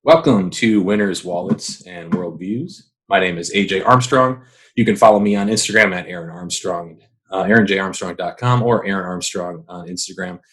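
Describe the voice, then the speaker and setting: Deep-voiced hype podcast host man. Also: moderate pace, breathy edge. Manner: energetic, hype-building introductions. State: out of breath. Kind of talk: podcast interview.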